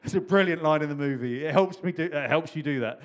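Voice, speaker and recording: A man's voice: a little high, fast talker. A man preaching a sermon in a chatty, humorous way, repeating key phrases for emphasis. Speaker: pastor.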